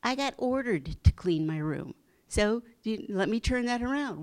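A middle-aged woman giving a gentle, reflective spiritual talk, slow at times and sometimes dropping to a soft, breathy hush. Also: on the high side, expressive. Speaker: spiritual teacher.

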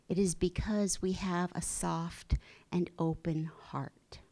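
A middle-aged woman with a somewhat low voice gives a gentle spiritual talk. She speaks reflectively, slowing down at times and sinking to a soft, breathy hush. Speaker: spiritual teacher.

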